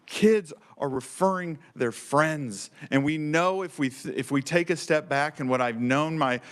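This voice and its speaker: A program director gives passionate, emotional testimony to a state legislature committee, speaking with fervent, earnest enthusiasm. His clean, fairly bright voice sits a little high, and he keeps a measured pace.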